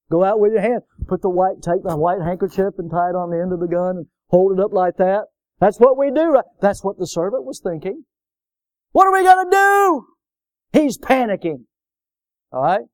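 A man preaching a sermon, folksy and animated, telling stories and checking in with "all right?". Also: high-pitched, no room sound, clean studio sound. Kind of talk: sermon with storytelling.

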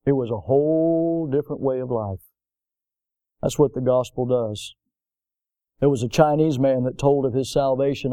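A man preaching a sermon, telling folksy stories and swinging between loud emphasis and softer passages. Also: medium pitch, no room sound. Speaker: pastor.

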